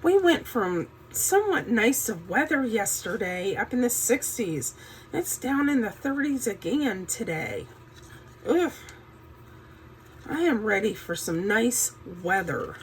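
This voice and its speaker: A woman chats her way through a home craft project at an unhurried, drawn-out pace, her slightly high voice still groggy from just waking up. She talks in a folksy, easygoing way, with plenty of "um"s along the way. A faint hiss of background noise sits under the recording. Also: sing-song, poor audio. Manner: chatty, folksy, says "um" a lot. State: morning voice, just woke up. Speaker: craft channel host. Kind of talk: casual crafting tutorial.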